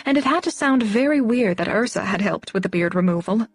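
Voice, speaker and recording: A woman narrating a novel as an audiobook in a steady, even storytelling voice. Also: medium pitch, a little fast, slight background noise.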